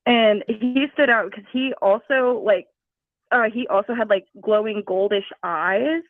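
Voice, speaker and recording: A woman's voice: mid-range voice, measured pace, dry recording. Giggly woman caller on a tinny phone line. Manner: giggly, scattered, apologetic. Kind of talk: telling a personal story on a call-in.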